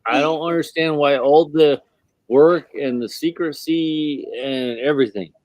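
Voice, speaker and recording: A man's voice: fairly high pitch, unhurried, darkish tone, no room sound. A man co-hosting a casual livestream, blunt and teasing, swearing often. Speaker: livestream co-host.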